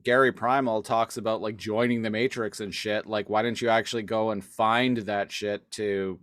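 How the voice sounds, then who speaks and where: A man's voice: on the low side, fairly even intonation, normal speed, a bit bright, no room sound, clean studio sound. A man co-hosting a casual podcast, talking loosely with stammered restarts and laughing along. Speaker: podcast co-host.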